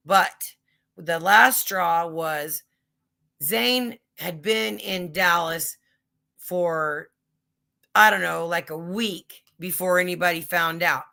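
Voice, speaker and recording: Gravelly, profane woman livestream host. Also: on the low side, slow pace, sharp tone. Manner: profane, rambling storytelling. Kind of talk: casual chat.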